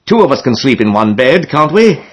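A man reading aloud, voicing a brisk, offhand young gentleman traveller. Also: mid-range voice, sing-song, breathy edge, voice pushed up. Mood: breezy.

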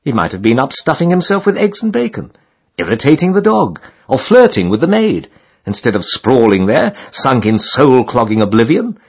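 A male audiobook narrator reading a comic novel in a slightly husky voice. His pitch rises and falls expressively, and his delivery stays dry and mock-solemn. He speaks in a mid-range register. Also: huge pitch swings, normal speed, muffled recording. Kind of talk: scripted narration.

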